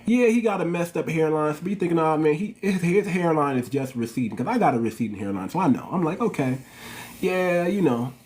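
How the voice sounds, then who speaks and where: A man's voice: fairly high pitch, lively intonation, brisk, a little mellow. Ranting man with African American English. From United States. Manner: preachy, repetitive, addresses viewers as family. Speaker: channel host. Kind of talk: ranting livestream monologue.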